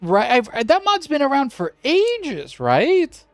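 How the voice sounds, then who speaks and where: Lively high-voiced joking male streamer. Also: takes it slowly, dry recording, faint music behind. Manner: joking, playful, swears casually. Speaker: streamer hosting a game tournament. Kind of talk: casual livestream chat.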